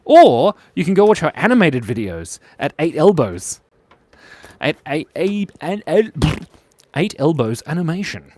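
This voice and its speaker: Australian man, live drawing host, giggly banter, bright high-ish voice. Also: very animated, unhurried, slight background noise. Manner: playful and giggly, joking with viewers. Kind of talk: casual live drawing chat.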